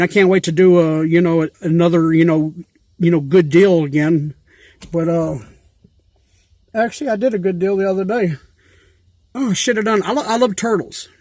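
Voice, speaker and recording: High-voiced man rambling casually. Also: no room sound. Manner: rambling, chatty, loose colloquial grammar. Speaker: YouTuber asking giveaway questions. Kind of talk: casual rambling vlog talk.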